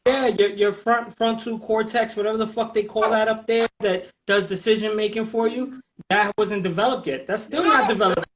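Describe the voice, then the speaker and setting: A man's voice: high voice, moderate pace, hardly any pauses, lo-fi sound. A man hosting a casual live podcast, talking bluntly with plenty of profanity and pulling others in with questions. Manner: blunt, profane and animated, drawing listeners in with questions. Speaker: podcast host.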